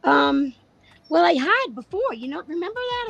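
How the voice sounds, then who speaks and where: A middle-aged woman with a hoarse voice, candidly chatting about trading on a panel, laughing and swearing casually. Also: extremely high pitch, sing-song, moderate pace, fairly bright tone, poor audio. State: lost her voice, tired.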